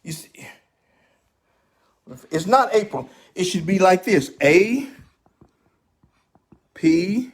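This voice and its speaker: High and expressive, with a breathy edge, his voice moves unhurriedly and leaves long pauses. He hosts an informal livestream on credit repair, speaking directly to viewers with emphasis and plenty of repetition.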